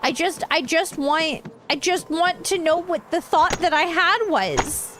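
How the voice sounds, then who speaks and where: A woman's voice: extremely high pitch, animated, unhurried, over music. A young woman streaming a game in casual, rambling chat, tired and swearing now and then. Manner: rambling, frustrated, drops swear words. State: tired, yawning.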